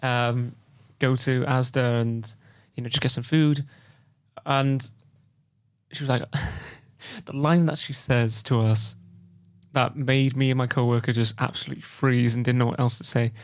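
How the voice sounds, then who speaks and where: A man's voice: medium pitch, a little slow. A young man, co-hosting a podcast and animatedly acting out quotes from an awkward story. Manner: animated, acts out quotes in panicked voices. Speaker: podcast co-host. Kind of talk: casual chat, storytelling.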